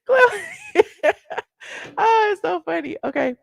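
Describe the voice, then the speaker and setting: A woman's voice: very high voice, lively intonation, very slow, creaky, no room sound, studio quality. A woman hosting a live celebrity gossip show, chatting casually and reacting to clips with a lot of "okay" and "honey".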